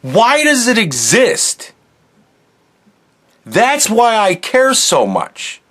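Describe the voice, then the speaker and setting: A man hosting a solo podcast rants angrily and sarcastically, swearing a lot. His voice sits high with wildly swooping pitch, a fairly bright tone and a very slow delivery.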